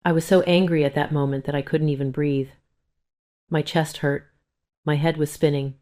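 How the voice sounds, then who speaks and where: A woman's voice: low voice, fairly even intonation, normal speed, a little mellow. A woman telling a dramatic first-person story in a stern, cold manner. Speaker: narrator.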